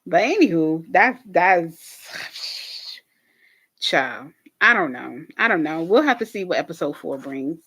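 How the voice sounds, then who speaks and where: A young woman hosting a casual reaction video, recapping a TV episode to her viewers in an animated way, laughing often and swearing freely. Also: on the low side, slow, slightly rough.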